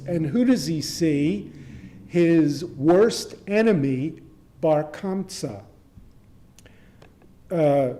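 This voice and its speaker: A man's voice: fairly high pitch, dark tone. A man retelling a Talmudic story at a temple service in a conversational way, with wry asides. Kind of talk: storytelling sermon.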